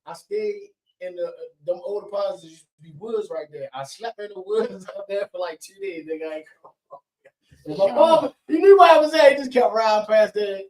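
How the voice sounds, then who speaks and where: A man in a casual talk show, telling stories in an animated, profane way. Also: high voice, fairly quick, rough recording. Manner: animated, profane storyteller who acts out quotes. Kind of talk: casual storytelling chat.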